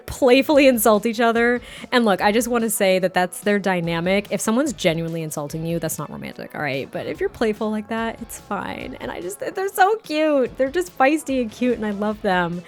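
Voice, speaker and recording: A young woman, the host, giving casual, gushing gameplay commentary with frequent laughs. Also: on the high side. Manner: bubbly, gushing, laughs often. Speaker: gaming creator narrating a life-sim series.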